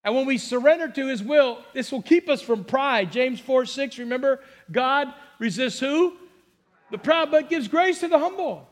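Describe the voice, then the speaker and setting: Man, pastor, high voice, earnest emphatic sermon, acts out quotes. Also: normal speed. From Southern California.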